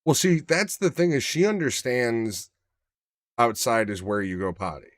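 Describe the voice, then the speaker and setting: Profane man telling animated dog stories. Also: mid-range voice, measured pace, dry recording. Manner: profane, animated storytelling, acts out his dogs. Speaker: podcast co-host. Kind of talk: casual chat.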